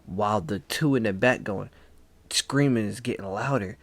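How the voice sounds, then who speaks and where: A young man casually telling a spooky dream story, acting out lines with sudden whispers and shouts and calling the listener "bro". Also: lowish voice. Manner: slow, dramatic, acts out quoted lines with whispers and shouts.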